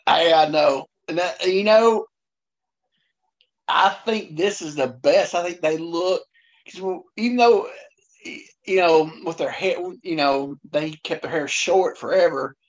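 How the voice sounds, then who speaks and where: A man's voice: a little high, unhurried. A man co-hosting a casual chat, agreeable and hesitant, often trailing off mid-thought. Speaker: podcast co-host. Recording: dull lo-fi sound.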